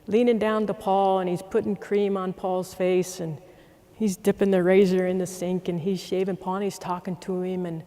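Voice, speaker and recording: High-voiced commander in a reverberant hall. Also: male voice, moderate pace, few pauses. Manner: animated anecdote, building to emphatic repeated rallying lines. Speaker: military commander giving a closing address. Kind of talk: speech with storytelling.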